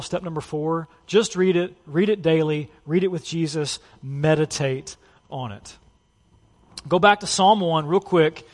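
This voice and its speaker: A pastor in his thirties preaches in an easygoing, conversational way, dropping in "like" and "you know" as he talks. His voice sits a little high for a man. The sound carries a long reverb from a church hall. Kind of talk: sermon. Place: church sanctuary.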